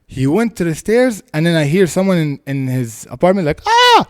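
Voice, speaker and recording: A man telling a story in casual podcast chat, animated and laughing, acting out voices. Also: fairly high pitch, a little fast.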